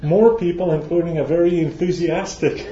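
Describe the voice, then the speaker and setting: Speaking warmly at a moderate pace in a slightly high voice, this Canadian conference speaker delivers a chatty, humorous talk to a live crowd and frequently starts his phrases over. The recording sounds roomy and dull, as in a hall.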